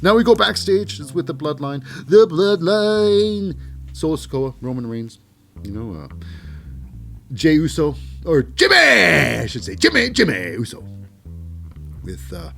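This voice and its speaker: A man's voice: fairly high pitch, wildly swooping pitch, normal speed, gravelly, pauses often, sharp tone, faint music behind. A man hosting a wrestling recap show, talking casually and cynically, rambling with hesitant fillers and mocking the wrestlers in put-on voices.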